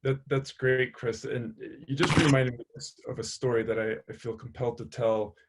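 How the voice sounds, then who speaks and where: A man's voice: mid-range voice, level tone, moderate pace, noisy background. Male psychologist guest; earnest, list-building webinar talk. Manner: earnest, builds points in lists.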